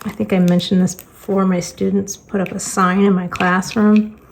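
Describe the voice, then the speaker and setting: A woman's voice: mid-range voice, flat delivery, moderate pace, gravelly, a little hiss or hum. Middle-aged woman with dry sarcastic humor. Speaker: crafting vlogger and teacher. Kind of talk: casual storytelling chat while crafting.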